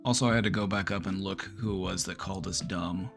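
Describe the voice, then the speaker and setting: A man's voice: sits low, quick pace, creaky, a bit bright, soft background music. A man hosting a livestream, talking casually and bluntly to his chat, swearing freely. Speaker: livestream host.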